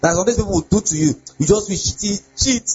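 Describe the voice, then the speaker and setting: A young male pastor with a high voice preaches in an animated way and keeps checking that his listeners follow him. The sound is dull and lo-fi, with faint ambience behind him. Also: fairly quick, slight background noise. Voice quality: animated preaching with laughs and repeated rhetorical questions. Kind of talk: sermon on relationships.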